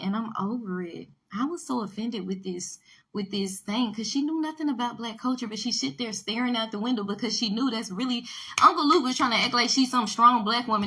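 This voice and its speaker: Brief: woman vlogger, forceful, emphatic, repeats points, slightly husky. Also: medium pitch. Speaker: video commentator. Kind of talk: opinion vlog rant.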